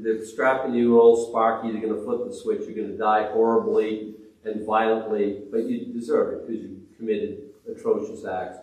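A man preaching a sermon, animated, swinging between loud exclamations and hushed reverence, with frequent restarts. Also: medium pitch. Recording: very echoey, distant mic.

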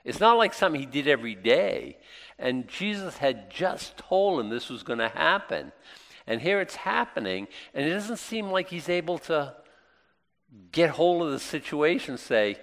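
A man's voice: a little high, big pitch swings, moderate pace, a bit bright. A man with a Boston accent teaching scripture in a folksy, rambling way, often restarting his sentences. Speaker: preacher. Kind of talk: casual Bible teaching. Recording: long hall reverb.

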